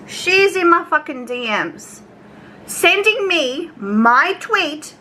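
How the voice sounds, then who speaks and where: A woman's voice: high voice, big pitch swings, takes it slowly, bright, forceful tone, slight background noise, low-quality recording. A young Australian woman telling a casual storytime rant to her viewers, chatty and swearing freely as she acts out exchanges. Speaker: YouTube commentary creator.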